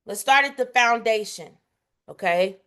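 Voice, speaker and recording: A woman's voice: a little high, animated, measured pace, sharp tone. A woman teaching a bookkeeping workshop in a direct, casual, emphatic way, often checking in with "okay?". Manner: casual, direct, uses slang. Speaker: bookkeeping instructor.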